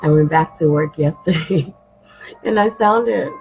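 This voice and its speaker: A woman's voice: sits low, a little slow, gravelly. A woman recovering from a cough, sharing an earnest testimony in a casual prayer conversation. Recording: tinny phone-like sound with music behind.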